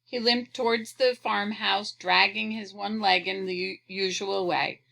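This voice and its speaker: A woman reading a children's storybook aloud, clearly and expressively. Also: mid-range voice, fairly even intonation, measured pace, sharp tone, low-quality recording. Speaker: audiobook reader.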